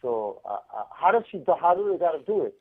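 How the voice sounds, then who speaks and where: A man calling in from a prison cell, chatting in an animated, slangy way with frequent laughs. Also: a little high, fast, husky. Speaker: incarcerated caller. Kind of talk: casual phone chat. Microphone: phone handset. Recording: tinny prison phone line.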